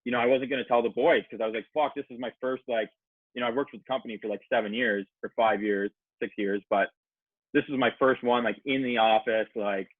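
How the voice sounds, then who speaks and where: A husky male guest on a podcast, mid-range in pitch and steady in tone, talks a little fast as he rambles through a profane tale packed with filler words and dramatized quotes. The casual chat is recorded dry with a thin, phone-like quality.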